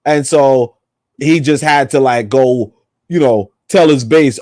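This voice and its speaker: A man's voice: medium pitch, takes it slowly, a little mellow, no echo. A man in casual chat on a remote call, rambling and profane, full of restarts.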